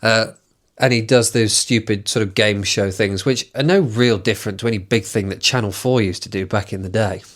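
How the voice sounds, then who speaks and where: Guy ranting on his podcast, lots of swearing, sarcastic, bit low-pitched. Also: normal speed. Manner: reads items aloud and mocks them. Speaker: podcast host. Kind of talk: solo podcast rant.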